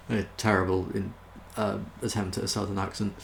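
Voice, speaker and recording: Gravelly British man reading jokes. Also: lowish voice, echoey room, slight background noise. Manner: amused, self-mocking, chuckles between jokes. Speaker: YouTuber.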